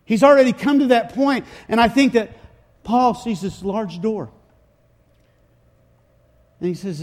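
A man preaching a sermon, retelling scripture in folksy everyday words and swinging from quiet asides to shouted crowd chants. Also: sits high, measured pace, pauses often. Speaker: pastor.

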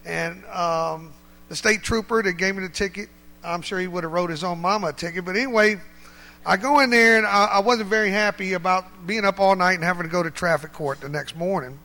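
A man telling a funny testimony story in a relaxed, colloquial way, animated and laughing often. His voice is high and bright, and he sounds excited as he speaks. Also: brisk, big-room sound. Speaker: church speaker giving a testimony. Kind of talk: humorous storytelling.

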